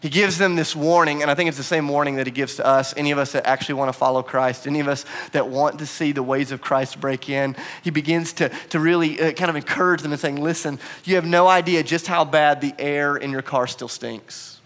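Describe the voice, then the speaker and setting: A man preaching a sermon as pastor, animated and acting out quoted lines with a raised voice. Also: a little high, brisk, few pauses. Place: bar used as church venue.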